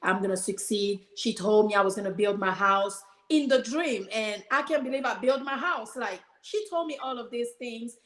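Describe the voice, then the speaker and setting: Woman, podcast guest, earnest storyteller, a bit high-voiced, echoey room. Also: moderate pace, hardly any pauses. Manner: earnest, animated retelling with quoted prayers. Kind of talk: emotional personal storytelling.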